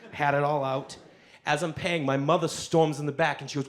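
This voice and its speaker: A man's voice: a little high, fast talker. A man on stage telling a long comic story to a live audience, acting out the voices of the people in it. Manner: animated, acts out voices of people in his story. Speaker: stand-up comedian. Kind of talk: stand-up storytelling.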